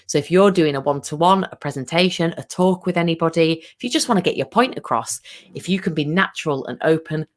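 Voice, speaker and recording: A woman coaching a workshop on confident speaking, talking in a lively, expressive way. Her voice sits a little low for a woman, and she talks like a presenter who does a lot with her hands. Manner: dynamic, expressive, chatty presenter. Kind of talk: online workshop talk.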